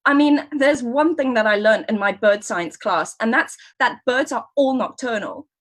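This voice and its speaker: A woman on a video call playing a scatterbrained, excitable woman who is failing her bird science course, rambling and flustered in an improvised comedy scene. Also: a little high, normal speed. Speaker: improv performer. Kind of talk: improvised first-person storytelling.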